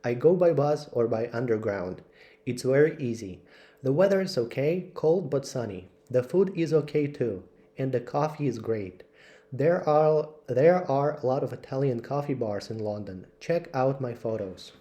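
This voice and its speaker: Man, English teacher, mellow tone, slow careful read-aloud of lesson texts. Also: medium pitch, lively intonation. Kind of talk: reading textbook passages aloud.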